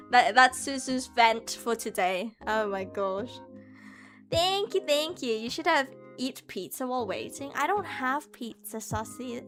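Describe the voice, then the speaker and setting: A woman with a high, bright voice chats on a live stream, venting animatedly and often breaking into laughter. She talks back to her viewers' messages in a loose, conversational way. Soft music plays faintly behind her. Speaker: VTuber streamer. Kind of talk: casual live-stream chat.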